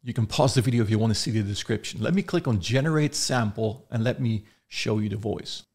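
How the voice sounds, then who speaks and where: A man giving an enthusiastic, step-by-step software review. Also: lowish voice, a little fast, breathy edge. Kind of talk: screen-recorded product review.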